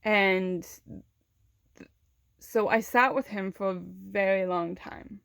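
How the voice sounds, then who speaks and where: A woman's voice: medium pitch, fairly even intonation, slow pace, creaky, fairly bright tone, no room sound, clean studio sound. A young woman vlogger candidly recounting a personal story in casual speech, with many fillers and restarts. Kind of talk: storytime vlog.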